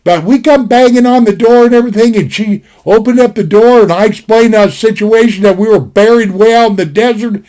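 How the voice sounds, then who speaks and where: A man's voice: high voice, a little fast, few pauses, dark tone. A man telling a rambling, folksy story from his younger days in a casual, conversational way, with many restarts and asides, recorded at a desktop.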